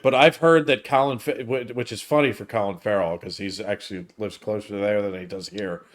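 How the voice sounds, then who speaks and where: A man's voice: on the low side, a little fast. A man co-hosting a casual film review chat who rambles with many fillers. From United States.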